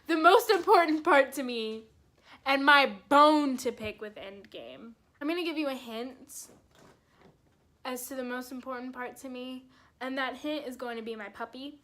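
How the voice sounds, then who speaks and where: A young woman chatting casually as a vlogger, an excitable fan who laughs often and swears freely. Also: sits high, slight background noise. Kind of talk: casual movie review chat.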